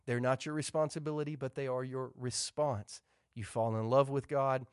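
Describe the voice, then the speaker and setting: A man's voice: mid-range voice, flat delivery, normal speed, darkish tone, clean tone, dry recording, studio quality. A male pastor preaching a sermon, hammering his points home with emphatic repetition.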